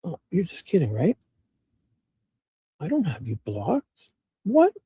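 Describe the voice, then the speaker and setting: A man hosting a casual livestream, reading court documents aloud and rambling excitedly to his chat. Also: fairly high pitch, a little slow, breathy edge, no room sound. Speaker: livestream host.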